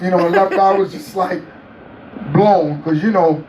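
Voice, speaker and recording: A man telling a story in an interview, animated and laughing often as he acts out what people said. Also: high voice, moderate pace, echoey room, far from the mic, poor audio. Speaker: interview guest.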